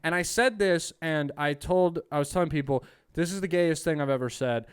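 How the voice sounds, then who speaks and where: A young man hosting a podcast, telling a story in casual chat, animated and profane, acting out what people said. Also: on the high side, normal speed, smooth. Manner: animated, profane, acts out quotes. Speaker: podcast host.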